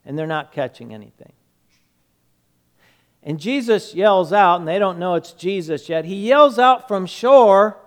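A male preacher retelling a story in a sermon, emphatic, repeating words and dropping quiet. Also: high voice, lively intonation, unhurried.

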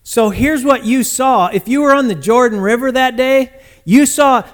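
A man's voice: very high-pitched, normal speed. A male pastor preaching a sermon in an emphatic manner, repeating phrases for stress.

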